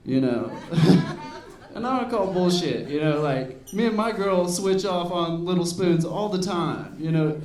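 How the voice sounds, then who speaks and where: A stand-up comedian in his thirties rambles through a laid-back club set, sprinkling in lots of "you know"s. His voice is a little high and mellow, his pace measured, and the distant, roomy recording picks up the audience laughing.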